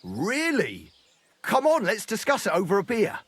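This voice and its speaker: An actor playing a crude, jolly drinking buddy in a video game, bawdy and mocking. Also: male voice, high voice, wildly swooping pitch, normal speed, a bit bright, breathy edge, no echo, heavily acted. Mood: rowdy.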